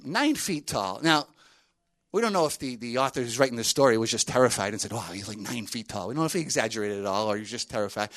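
Brief: casual male youth speaker, mid-pitched, telling a story loosely. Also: a bit bright. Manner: conversational, with many fillers and asides. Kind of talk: storytelling sermon to a group.

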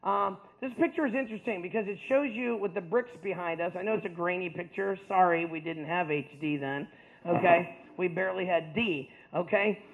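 A man with a high voice tells a school audience about his life, joking loudly and then dropping to a quieter, plainer tone. The sound is narrow and tinny, as if carried over a phone line. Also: a little fast. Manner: animated, joking, shifts between loud punchlines and quiet stretches. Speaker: motivational speaker. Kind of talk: storytelling talk to students.

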